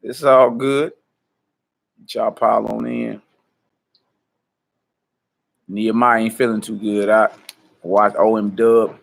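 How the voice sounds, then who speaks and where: A man's voice: on the low side, flat delivery, slow pace, gravelly, long pauses. A man hosting a casual ministry livestream, greeting viewers by name, hyping them up and laughing often. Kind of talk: casual livestream chat before prayer.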